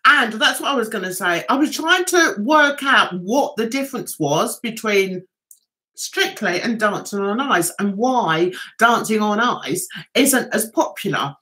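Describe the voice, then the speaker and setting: Woman, livestream host, casual chat, slow talker, very animated pitch. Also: low-quality recording. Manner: chatty and opinionated, greets viewers by name.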